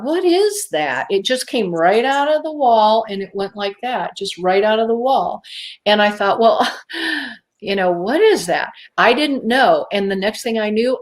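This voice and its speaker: Woman, talk-show guest; vivid, emphatic storyteller; dramatic pauses, acts out her inner voices. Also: medium pitch.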